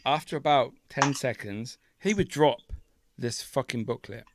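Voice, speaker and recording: Brief: male podcast co-host, mid-pitched, swears constantly, rants in bursts. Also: measured pace, noisy background. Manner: ranting, heavy swearing, animated outbursts. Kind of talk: casual chat.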